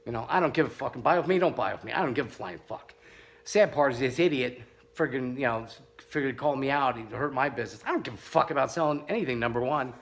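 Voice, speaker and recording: A man's voice: medium pitch, quick pace. A man who sells and tests pepperball guns, ranting angrily and with heavy swearing about a rival seller. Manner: angry, profane, sarcastic ranting. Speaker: pepperball gun seller and reviewer. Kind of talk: ranting while test firing.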